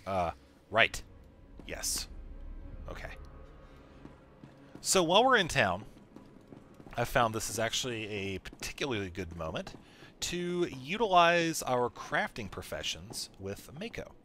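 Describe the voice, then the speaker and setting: A man's voice: medium pitch, big pitch swings, unhurried, pauses often, pushed and bright, a little hiss or hum. A man casually commenting while playing a video game, chatty and joking. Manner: chatty, joking, laughs often. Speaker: let's play host.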